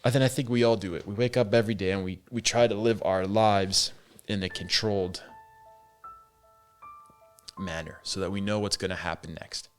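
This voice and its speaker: A man's voice: lowish voice, steady tone, normal speed, soft background music. A man hosting a casual solo podcast and talking candidly, swearing freely and saying "man" and "dude" as he goes. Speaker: podcast host.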